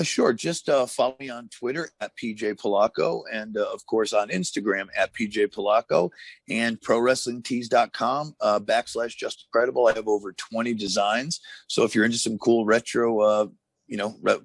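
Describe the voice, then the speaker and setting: A man's voice: mid-range voice, moderate pace, vocal fry, breathy edge, no echo. A man in his fifties, a former wrestler, telling rambling stories in a casual interview, full of fillers and restarts.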